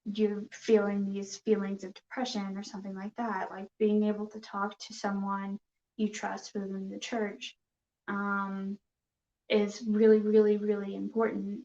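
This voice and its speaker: A woman's voice: mid-range voice, completely flat delivery, a little slow, warm tone. A woman hosting a casual live stream, talking nervously and hesitantly with many fillers and restarts. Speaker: yarn crafting streamer. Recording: dull, roomy home recording.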